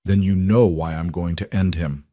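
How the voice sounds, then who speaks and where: A ruthless mafia boss with a low, cold voice, each line clipped and threatening, as a male narrator reads him. Dry, close sound, told as a dark audiobook thriller. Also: steady tone, moderate pace, no room sound, natural voice. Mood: cold menace.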